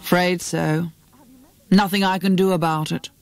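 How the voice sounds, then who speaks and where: A woman voicing a tired, bitter widowed mother, speaking low and clipped. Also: fairly even intonation, a little slow, dry recording. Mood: weary.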